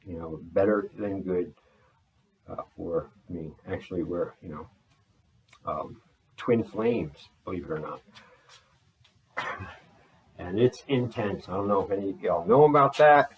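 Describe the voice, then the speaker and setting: A man talking in a rambling video journal, holding back a restless energy and slowing himself down on purpose. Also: low voice, expressive, recorded from a distance, slight background noise, poor audio. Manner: restless, deliberately slowed and restrained delivery; frequent fillers and restarts. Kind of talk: rambling personal journal talk. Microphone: laptop.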